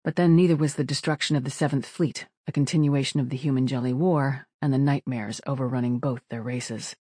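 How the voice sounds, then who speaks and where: A man narrating an audiobook in a steady, measured voice at middle pitch. The sound is dry and close, with no room at all. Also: no echo. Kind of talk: scripted narration.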